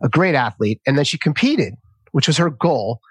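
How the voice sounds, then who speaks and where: A man in his fifties hosting a conversational interview, an animated storyteller. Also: mid-range voice, normal speed, breathy edge, no echo. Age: 50s. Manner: lively storyteller who acts out quotes in raised voices. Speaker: podcast host.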